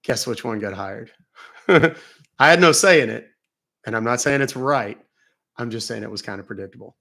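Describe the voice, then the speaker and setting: A livestream host chats casually between calls to scammers, telling stories and cracking jokes that he laughs at himself. His voice is medium in pitch, creaky and fairly bright, at a moderate pace.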